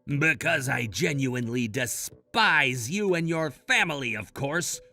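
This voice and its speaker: A man's voice: mid-range voice, animated, unhurried, pushed and bright. A man voicing a spiteful, gloating young man who mocks his old classmate, over faint music. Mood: sneering. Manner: sneering, mocking.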